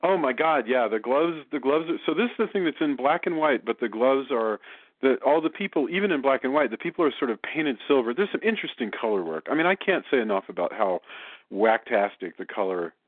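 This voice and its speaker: A man's voice: medium pitch, lively intonation, fairly quick, dry recording. A man cohosting a casual film review podcast, talking enthusiastically and rambling with restarts. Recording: dry, phone-like podcast line.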